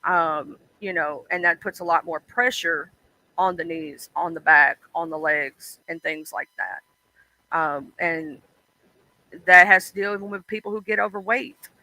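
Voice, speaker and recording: A man hosting a stream speaks a little slowly in a fairly high, pushed, bright voice, rambling casually with plenty of ums and "you know"s. He laughs while telling childhood stories and acts out the voices. There's no room sound, but the recording is low quality.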